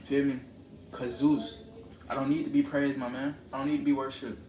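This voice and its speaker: A man streaming live rants a little fast in a mid-range voice, confrontational and preachy, repeating lines to drive them home. His monologue is recorded with roomy echo and persistent background noise.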